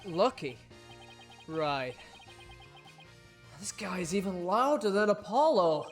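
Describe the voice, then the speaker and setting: A woman streamer chatting casually and voicing the lead lawyer, giggly and excitable. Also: lowish voice, takes it slowly, soft background music. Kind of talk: casual live-stream chat and voice acting.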